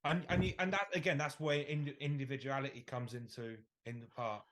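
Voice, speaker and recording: A man's voice: mid-range voice, fairly quick. A man, a personal trainer, telling stories in a casual podcast chat and acting out his clients. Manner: animated storyteller, acts out his clients.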